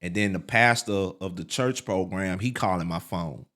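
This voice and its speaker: A middle-aged man, a podcast guest, telling his life story in a casual, animated way, full of fillers like "man" and "like". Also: normal speed. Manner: relives quotes with sharp pitch leaps.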